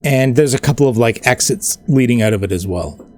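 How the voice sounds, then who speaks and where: A man running a tabletop game, describing scenes loosely and loosely piling on "like" as he goes. His voice sits in an ordinary middle pitch. The sound is dry and close to the mic. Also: animated, a little fast, darkish tone, no room sound. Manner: rambling, casual, many "like" fillers. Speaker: game master.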